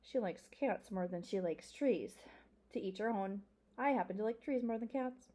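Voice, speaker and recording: A woman teacher reads a children's novel aloud to young pupils. Her delivery is expressive, and at times she drops to a whisper. Her voice sits at a middle pitch. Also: normal speed.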